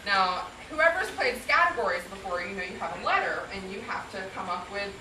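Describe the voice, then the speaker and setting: A woman's voice: mid-range voice, fairly quick. Woman telling laughing party stories. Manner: laughing often, animated storytelling. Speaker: wife giving a birthday roast speech. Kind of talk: party speech, storytelling. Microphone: distant camera. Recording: roomy, distant, noisy party recording.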